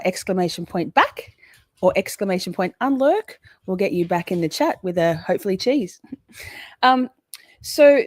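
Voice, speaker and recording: A woman's voice: medium pitch, darkish tone, no room sound, studio quality. A woman hosting a casual livestream, rambling and chatty, swearing freely and breaking off to greet her chat. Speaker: livestream host.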